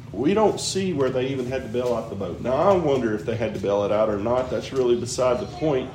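A man's voice: medium pitch, expressive, a little fast, hardly any pauses, darkish tone. A man preaching a Bible teaching, earnest and musing, asking questions aloud. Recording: roomy echo with faint background noise.

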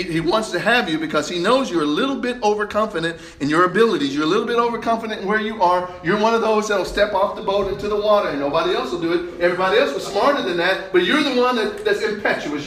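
A man preaching a sermon in a church, speaking with rising emphasis and pauses. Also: sits high, pushed and bright, echoey room, low-quality recording.

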